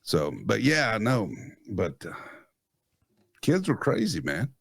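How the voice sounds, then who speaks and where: Low-voiced, chuckling man in his fifties. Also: slow, vocal fry, husky, dry recording, studio quality. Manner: relaxed, chuckling, joking. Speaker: guest co-host. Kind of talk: casual chat.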